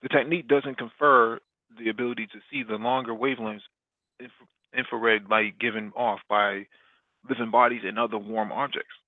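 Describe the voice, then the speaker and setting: Male host reading news copy, mid-range pitch, frequent restarts, tinny phone-like line. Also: steady tone, moderate pace, no room sound. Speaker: podcast host. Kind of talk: reading a news article aloud.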